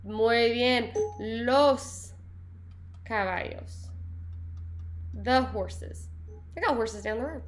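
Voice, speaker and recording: A high-voiced woman leads a Spanish lesson at an unhurried pace. She is upbeat and playful, praising students and tossing in little jokes between the drills. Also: a little hiss or hum. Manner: upbeat, playful, sings snatches and praises answers. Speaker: Spanish teacher. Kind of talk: classroom lesson.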